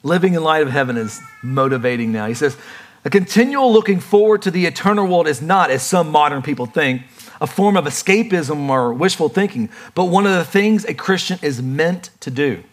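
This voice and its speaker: Male pastor, slightly higher voice, chatty lively sermon delivery with playful acted-out bits. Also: brisk.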